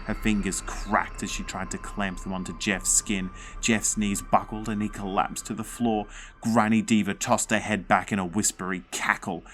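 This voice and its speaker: A man's voice: fairly low pitch, steady tone, normal speed, fairly bright tone, slight background noise. A man narrating a spooky children's story with dramatic suspense.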